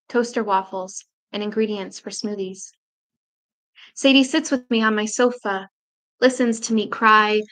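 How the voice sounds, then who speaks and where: Brief: woman poet, slightly high voice, slow deliberate reading of her own verse, long pauses, intimate and grave. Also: a bit bright.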